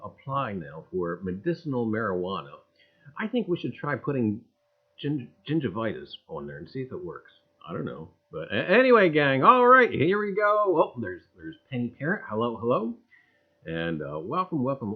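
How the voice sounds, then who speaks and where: A man hosting a casual livestream, loudly greeting viewers in a sing-song voice and muttering low asides, with "I tell you what" as a catchphrase. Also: slightly rough. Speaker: livestream host. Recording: dull, lo-fi livestream audio.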